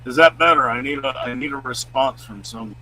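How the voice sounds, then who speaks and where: A man co-hosting a live stream, chatting casually and reading out news stories in a loud, booming voice. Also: brisk, slight background noise, poor audio. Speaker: co-host.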